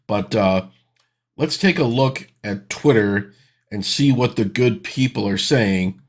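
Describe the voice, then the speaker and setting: A man's voice: on the low side, slow pace, slight background noise. A man in his thirties hosting a reaction video, with sarcastic, exasperated ranting commentary.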